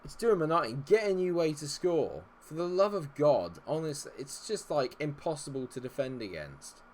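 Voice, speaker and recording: A man's voice: on the high side, very animated, normal speed, a little hiss or hum. A man commentating on his own football management game, chatting with viewers and swearing at his players. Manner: swings from chatty to sweary frustration, yelling at players. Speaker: gaming streamer. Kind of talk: live gameplay commentary.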